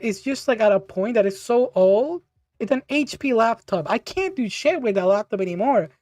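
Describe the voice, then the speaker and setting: A woman hosting a casual livestream podcast, reading viewer questions aloud, bubbly and quick to laugh and exclaim. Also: fairly high pitch, darkish tone, dry recording. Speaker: podcast host and streamer.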